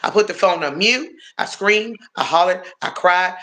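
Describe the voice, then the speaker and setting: On a livestream, a middle-aged Washington, D.C. woman opens up to viewers about her past, earnest and confiding in an emotional testimony. Her lowish voice has lively intonation and a touch of brightness, at a moderate pace with few pauses.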